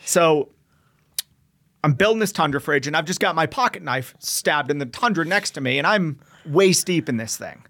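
Animated storytelling man, slightly high voice. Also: normal speed. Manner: animated storyteller who acts out radio dialogue. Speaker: guest, veteran entrepreneur. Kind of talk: casual storytelling interview.

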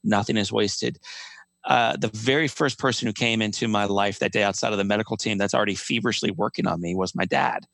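Man, gravelly, low-pitched, emphatic storyteller, dry close sound. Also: fairly even intonation, brisk, a bit bright, no room sound. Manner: emphatic, repeats key phrases. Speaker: podcast guest. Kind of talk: personal storytelling in interview.

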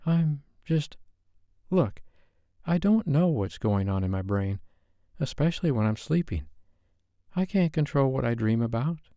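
Anxious young woman, pleading, raised pitch, read by a male narrator. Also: animated, a little slow, pauses often, mellow, dry recording, studio quality. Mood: earnest.

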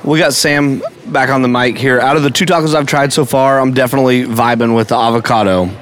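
A playful male co-host of a food review show chats casually through a taco tasting outdoors in a town. He jokes, teases his friends and narrates what they're eating. His mid-range voice is steady, a bit bright and fast.

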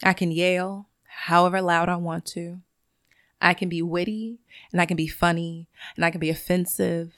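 A woman's voice: fairly low pitch, flat delivery, moderate pace, a bit bright, no echo, studio quality. A woman who is a teacher and podcast host, talking in a solo monologue in a blunt, profane and emphatic way.

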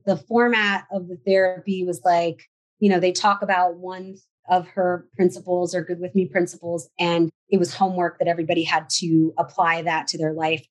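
A woman's voice: on the low side, rough recording. A woman in her forties, a podcast guest, candidly telling her story and acting out her past thoughts in quotes. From United States. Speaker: podcast guest, shop owner.

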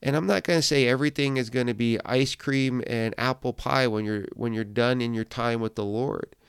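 Middle-aged man, pastor, earnest and encouraging, gravelly edge, dry close sound. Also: medium pitch, steady tone, moderate pace, no echo. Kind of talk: devotional podcast talk.

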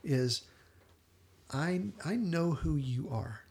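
A man with a gravelly edge to a fairly high voice, co-hosting a podcast. He retells a TV episode with lively energy, slipping into short quoted character voices. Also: takes it slowly. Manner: animated storyteller, quotes characters in brief voices, laughs often. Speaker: podcast co-host.

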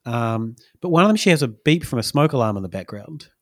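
A man's voice: medium pitch, lively intonation, fast talker, a bit bright, no echo. Rambling man, dry close mic. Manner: rambling storytelling with many fillers. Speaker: podcast co-host. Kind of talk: casual chat.

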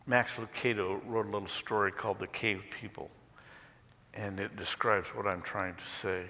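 Gravelly-voiced male pastor preaching. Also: lowish voice, fairly even intonation, moderate pace, pushed and bright, in a large hall. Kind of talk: sermon with read story.

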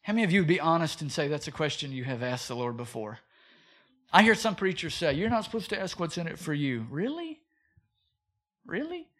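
With a fairly high, slightly bright voice, a pastor preaches quickly, his lively intonation rising and falling to drive home each point. Along the way he poses rhetorical questions and slips into acted-out quotes.

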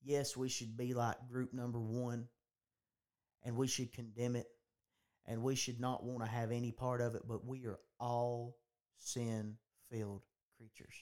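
A man's voice: mid-range voice, level tone, unhurried, darkish tone. Earnest man preaching on a podcast. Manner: earnest, repeats words, restarts phrases. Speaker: podcast host. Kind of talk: preaching-style podcast talk.

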